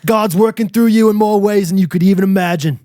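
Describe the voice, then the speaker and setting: A man's voice: fairly high pitch, expressive, fairly quick, darkish tone, pitched below the performer's own voice. A man voicing a young male fan reading a heartfelt letter in an exaggerated put-on gritty London accent, laughing through it. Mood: earnest mock-read. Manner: over-the-top mock accent, laughing through it.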